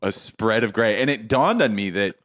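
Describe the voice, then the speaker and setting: A middle-aged man on a comedy podcast, chatting bluntly with quick jokes and some swearing. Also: lowish voice, lively intonation, a bit bright. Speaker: podcast co-host. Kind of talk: casual comedic chat.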